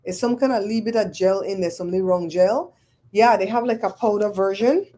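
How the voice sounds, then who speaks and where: Animated woman, mellow voice. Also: mid-range voice, fairly quick. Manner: animated, exclaiming and retelling stories. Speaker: livestream host. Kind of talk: casual chat with live viewers.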